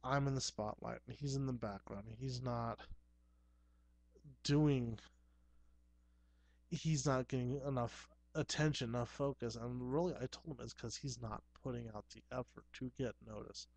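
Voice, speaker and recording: A man in his younger years holds forth in a loose, rambling monologue about his life as a clown. His pitch sits right in the middle, and he sounds earnest and self-assured even as he stumbles into restarts. The recording is dry and close, with no room sound. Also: normal speed, vocal fry, no room sound. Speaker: clown performer.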